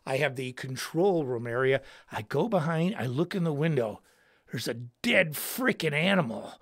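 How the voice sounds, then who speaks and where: A man hosting a livestream and telling a story in an excitable, slangy way, shouting words for emphasis. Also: fairly high pitch, moderate pace. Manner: slangy, says dude and bro. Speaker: host and guitarist.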